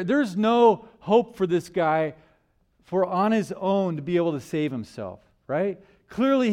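A man preaching a sermon in church, asking rhetorical questions and swinging between loud emphasis and hushed lines. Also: high-pitched.

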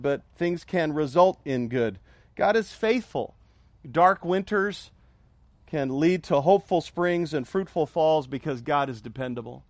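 A middle-aged man preaching a sermon in a notably high voice. He repeats his points for emphasis, leads the congregation in call-and-response, and drops in joking asides. The sound is dry and close. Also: a little mellow, dry recording. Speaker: pastor.

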